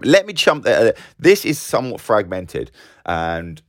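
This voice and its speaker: A middle-aged man talking through a rambling, animated personal monologue, full of restarts. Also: fairly low pitch, measured pace, no room sound, clean studio sound. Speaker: business owner vlogger.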